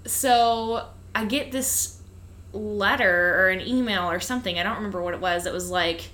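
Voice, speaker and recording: A woman's voice: medium pitch, fairly even intonation, moderate pace, bright, forceful tone. A young woman co-hosting a podcast, telling a rambling story in casual chat and acting out the people she quotes. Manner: chatty storytelling, acts out quoted exchanges with lots of "like". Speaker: podcast co-host.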